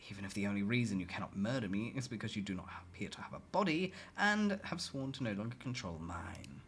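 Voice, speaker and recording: A streamer reading a story game aloud and reacting with loud, swearing outbursts. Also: mid-range voice, sing-song, fast, slight background noise.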